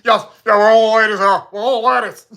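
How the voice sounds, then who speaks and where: Man doing a loud chirpy Australian trans woman, cheerful, high bright voice. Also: steady tone, brisk. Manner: chirpy, loud, keeps saying "mate".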